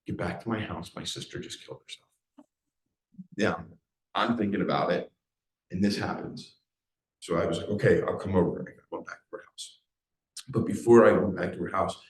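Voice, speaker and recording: Middle-aged philly guy, lowish voice, telling his life story live, lots of um and restarts, echoey hall. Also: darkish tone. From USA, South Philadelphia. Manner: storytelling, emotional, fast restarts and fillers. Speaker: guest speaker. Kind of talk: live personal testimony talk. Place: event hall before a live audience.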